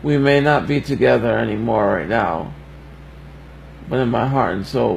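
Young man, slow and gravelly, halting and teary, livestream birthday message, faint background noise. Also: mid-range voice, rough recording. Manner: slow, halting and heartfelt, fighting back tears.

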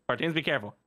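A man's voice: mid-range voice, pushed and bright, a little hiss or hum. A man playing a co-op game with a friend, chatting casually and laughing often. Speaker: co-op gaming partner. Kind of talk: casual gameplay chat.

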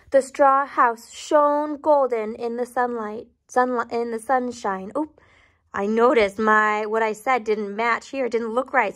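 A woman reading a storybook aloud to children, pausing to ask questions and dropping into soft whispered asides. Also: a little high. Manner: gentle, asks the listener questions, whispered asides.

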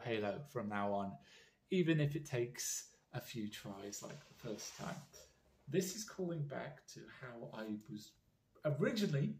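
A British man speaks at a middle pitch in an earnest, rambling way, often restarting his sentences. He delivers a heartfelt message to people he admires. His voice carries a noticeable echo from the room. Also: a little mellow, a little hiss or hum. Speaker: fan vlogger. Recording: roomy echo.

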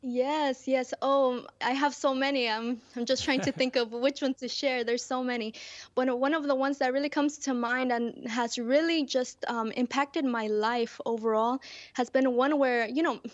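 A young woman, a college student, telling a story in a lively, chatty way full of "like" and "you know". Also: high-pitched, moderate pace, dry recording, muffled recording. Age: young adult. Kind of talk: personal story in a studio interview.

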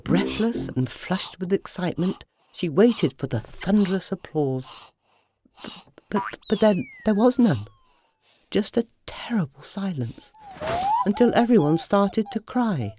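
A woman, a children's author, narrating a bedtime story in a playful, animated manner. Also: medium pitch, a little slow, a little hiss or hum. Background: soft music.

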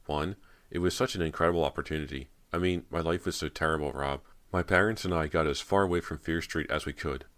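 A man's voice: very deep voice, steady tone, fast, a bit bright. A man voicing a nervous, haunted teenage girl actress, speaking with emotion and a tremble. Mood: anxious.

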